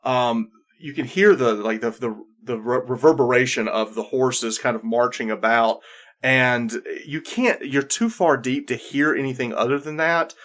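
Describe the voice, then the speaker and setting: A man's voice: medium pitch, moderate pace, fairly bright tone. A man working as game master, narrating a tabletop game in descriptive second-person with many restarts.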